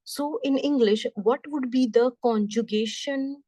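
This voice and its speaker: A woman teaching French, explaining slowly step by step, often repeating herself and checking in with "right?". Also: fairly high pitch, dark tone, no room sound. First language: Punjabi. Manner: slow, repetitive, checks understanding with "right?". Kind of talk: classroom lesson explanation.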